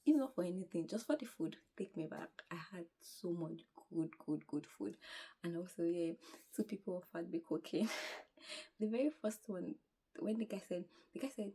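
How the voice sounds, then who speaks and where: A woman's voice: fairly low pitch, moderate pace, breathy edge. Chatty young woman vlogging outdoors. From Nigeria. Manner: animated, chatty, acts out quoted dialogue. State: tired. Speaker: travel vlogger. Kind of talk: casual storytelling vlog.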